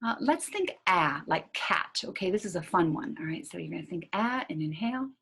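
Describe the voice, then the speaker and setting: A woman teaching a singing lesson, calmly guiding listeners through gentle breathing and vowel exercises. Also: fairly low pitch, brisk, gravelly, breathy edge. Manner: calm, coaching breath instructions. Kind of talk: guided voice lesson.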